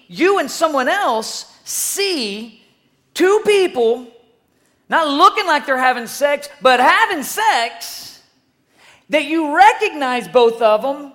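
A preacher telling a story in an energetic sermon, swinging between loud bursts and hushed asides and asking the listeners questions. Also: high-pitched.

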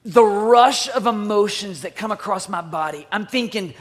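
A middle-aged man preaching, telling a personal story in a dramatic, animated way with sudden shouts and hushed asides. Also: sits high, normal speed. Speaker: pastor. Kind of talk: sermon storytelling.

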